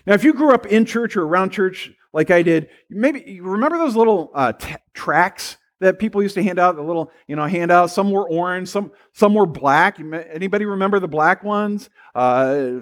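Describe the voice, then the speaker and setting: A man with a notably high speaking voice preaches to his congregation. He is middle-aged and talks in a relaxed, conversational way. He wanders into asides and restarts his phrases as he goes. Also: moderate pace, few pauses. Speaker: pastor. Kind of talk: sermon.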